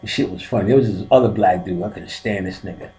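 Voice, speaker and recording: A man's voice: deep voice, quick pace, dark tone. A man telling stories in casual talk, profane and laughing. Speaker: podcast host telling stories. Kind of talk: casual storytelling. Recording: roomy echoey room.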